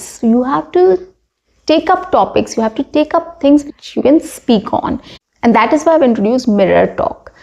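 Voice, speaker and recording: An Indian English-accented woman teaching a spoken English lesson. Her voice sits a little high but sounds mellow and soft-edged. She coaches steadily, running through lists and checking in with "right?". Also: gravelly.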